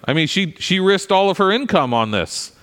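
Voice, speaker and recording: A pastor giving a sermon in a conversational, animated way, with frequent asides to the congregation. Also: male voice, sits high, normal speed, smooth. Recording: long hall reverb.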